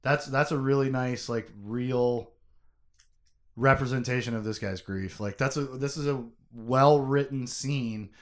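A man's voice: medium pitch, measured pace. Emotive young man chatting casually. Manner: emotive, laughing, conversational with many fillers. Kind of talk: casual chat about a novel.

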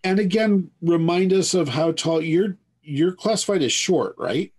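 Husky-voiced man narrating a tabletop game. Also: fairly high pitch, expressive, darkish tone. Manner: drawn-out storytelling with many hedges. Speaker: game master.

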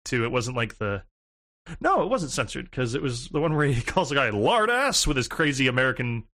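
A man's voice: medium pitch, lively intonation, brisk, fairly bright tone. Jokey man on a gaming podcast. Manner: jokey, laughs often, swears. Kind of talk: casual gaming chat.

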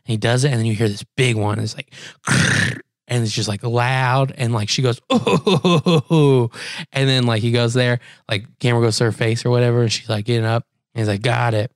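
A man co-hosting a podcast in casual chat, rambling through stories and acting out quoted people in high, squeaky voices. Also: little pitch movement, fast, hardly any pauses, no room sound, studio quality. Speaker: podcast co-host.

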